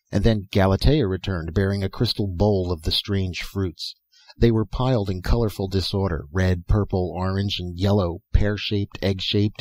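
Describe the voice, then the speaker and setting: A man reading fiction aloud as an audiobook narrator, in a measured, even reading style. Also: deep voice, no room sound. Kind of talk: scripted narration.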